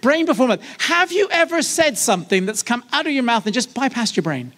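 A man preaching to a church congregation in a lively, conversational way, joking and asking the audience questions. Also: extremely high pitch, a little fast. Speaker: guest preacher. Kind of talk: sermon. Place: church service.

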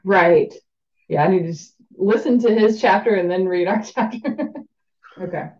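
A woman's voice: mid-range voice, moderate pace, darkish tone, dull audio. A woman reading a fantasy novel aloud, chatting and laughing in the breaks between passages. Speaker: reader of a fan audiobook.

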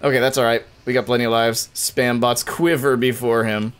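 A young man giving casual, jokey live-stream commentary while playing a video game, with quick bursts of frustration. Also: mid-range voice, level tone, fairly bright tone, clear, resonant tone.

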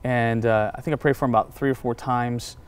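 Middle-aged man, pastor, interview guest, animated storyteller, medium pitch. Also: brisk, clean tone. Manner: animated storyteller who acts out quotes.

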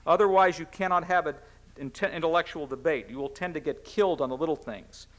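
A middle-aged American cabinet secretary delivers a formal speech. His voice sits a little high for a man, and he talks in an earnest, measured way. Now and then he stumbles and restarts a phrase. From United States.

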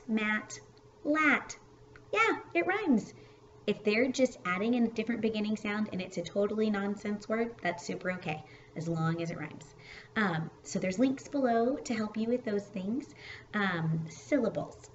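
A woman kindergarten teacher talking casually to parents from home, relaxed and chatty, with many fillers and restarts. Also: medium pitch, muffled recording, slight background noise.

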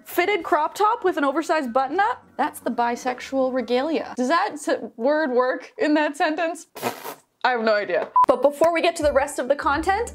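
A young adult woman hosting a casual reaction vlog to camera, bubbly and self-teasing, tossing in quick asides and laughs. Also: high-pitched. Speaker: YouTube reaction host.

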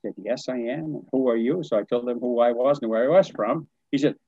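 An older man from New Brunswick, Canada, recounts a story as a podcast guest and acts out every exchange. His voice is husky and sits at an ordinary pitch. The audio is dry and a little dull. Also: fast, no echo. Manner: animated, acts out quoted dialogue, chuckles often. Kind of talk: storytelling in conversation.

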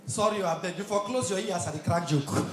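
A man's voice: sits high, brisk. A Nigerian man doing stand-up comedy as an MC, belting punchy lines and humming between them at a live event. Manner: punchy, shouted lines with hums and laughs between. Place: live event hall with audience. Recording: echoey hall, crowd noise.

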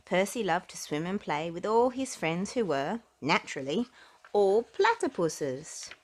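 Woman, children's read-aloud, expressive storytelling, calm steady pace. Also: lowish voice, moderate pace. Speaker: storybook reader.

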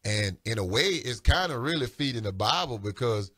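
A man co-hosts a radio talk show with a mid-range voice, speaking in an emphatic, colloquial and animated way. The studio mic sounds dry and close. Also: mid-range voice, normal speed, breathy edge, no room sound. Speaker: radio co-host.

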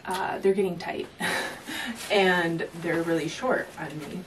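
A woman's voice: lowish voice, steady tone, takes it slowly, recorded from a distance, slight background noise, rough recording. A woman chatting casually in a home vlog, rambling and laughing often as she shows off her purchases. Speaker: fitness vlogger showing purchases. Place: at home, indoors.

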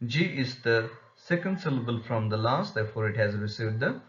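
A man with an Indian English accent teaching pronunciation, explaining rules and saying each example word twice in a measured way. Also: medium pitch, lively intonation. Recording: dull lo-fi voice-over with faint music.

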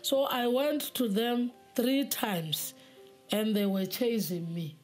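A woman giving a spoken testimony in an earnest, halting way, often repeating words. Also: on the high side. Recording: faint music behind.

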